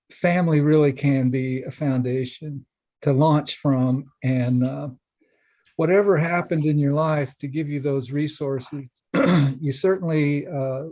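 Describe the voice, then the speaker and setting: A man's voice: a little high, dark tone, no echo. A man answering a family storyteller, hesitant and full of fillers.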